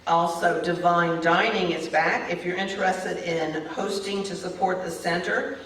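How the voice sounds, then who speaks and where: A woman's voice: fairly low pitch, steady tone, measured pace, a bit bright. A woman giving cheerful church announcements as a practitioner, upbeat and enthusiastic. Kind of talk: casual announcements. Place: church meeting hall. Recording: echoey hall, mic at a distance.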